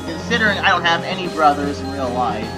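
A man's voice: on the high side, animated, fairly quick, music in the background, low-quality recording. A young man giving casual let's play commentary, reacting to the game with joking asides. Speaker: gameplay commentator.

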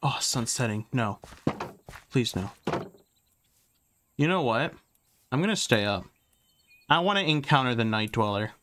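A young man giving casual gameplay commentary as he sorts items and talks to himself, trailing off into fillers, and he gets loud and excitable once a fight starts. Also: mid-range voice, unhurried, pauses often, slight background noise. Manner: excitable, yells taunts when a fight starts. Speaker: gaming YouTuber.

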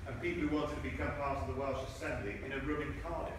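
A man's voice: mid-range voice, steady tone, racing. A man, a member of parliament, giving an earnest, emphatic speech at a political rally in a large public hall. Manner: earnest, emphatic, with asides to the crowd. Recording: echoey hall from far off, noisy.

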